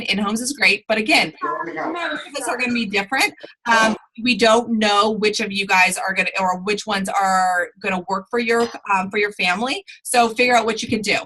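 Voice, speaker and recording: A woman's voice: medium pitch, poor audio. A woman coaching her sales team in a live online training, chatty and rambling, often stopping to correct herself.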